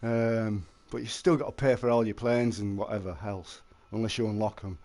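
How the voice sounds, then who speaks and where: A man's voice: fairly low pitch, steady tone, moderate pace, a little mellow, no echo. A man streaming a fishing game live, chatting and joking with his viewers and answering their messages.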